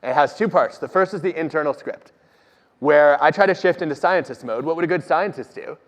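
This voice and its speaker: A man, an organizational psychologist, telling stories on stage in an animated, self-deprecating way. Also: a little high, fairly quick. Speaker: organizational psychologist guest speaker. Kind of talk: conversational talk on stage. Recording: dull audio with long hall reverb.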